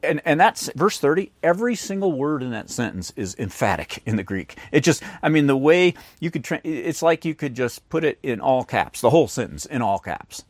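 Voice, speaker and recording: A man's voice: medium pitch, very animated, normal speed, few pauses, dry recording. A man preaching a sermon who acts out the voices of the people in his stories. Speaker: pastor.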